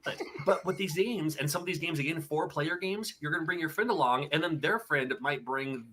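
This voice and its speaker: A man in a played-back video, talking about couch co-op with halting, hedging phrasing. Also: on the high side, fairly bright tone, slightly rough. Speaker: video presenter. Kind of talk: casual video commentary.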